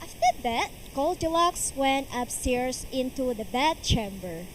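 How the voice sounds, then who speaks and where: A woman's voice: sits high, slight background noise, low-quality recording. A young woman, performing a fairy tale as a storytelling contestant at a school competition. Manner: slow, expressive storyteller's delivery.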